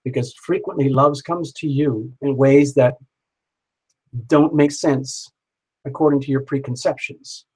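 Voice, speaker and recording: Male tarot streamer, husky mid-pitched voice, gentle and repetitive, talks straight to his viewers. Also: steady tone, a little slow, low-quality recording. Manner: gentle, repetitive affirmations, addresses viewers by name. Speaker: tarot reader hosting a live stream. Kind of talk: live-stream tarot reading, speaking to viewers.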